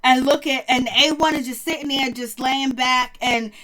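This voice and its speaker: A woman's voice: sits high, fairly even intonation, normal speed, bright, forceful tone. A woman casually recapping a reality show for viewers, gossipy and chatty, laughing often and greeting her audience. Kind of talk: casual chat.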